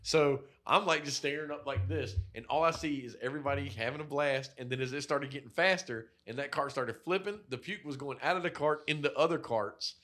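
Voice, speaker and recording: A man's voice: medium pitch, brisk, few pauses. A man co-hosting a podcast, telling a story in casual profane chat and acting out the people in it. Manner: animated, profane storytelling with acted-out quotes. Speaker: podcast co-host.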